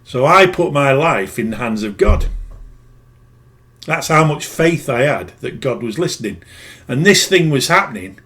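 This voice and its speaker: A middle-aged man who is a spiritual healer rambles through a plain-spoken story, frequently backtracking to fix what he said. His voice is ordinary in pitch, a bit bright, expressive, and unhurried.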